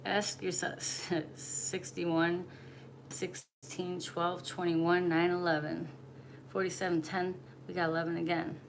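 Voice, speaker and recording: A woman's voice: lowish voice, level tone, takes it slowly, creaky. Blunt, preachy woman in noisy audio. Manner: blunt, preachy, swears freely. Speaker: spiritual message reader. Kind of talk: casual livestream talk. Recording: noisy home recording.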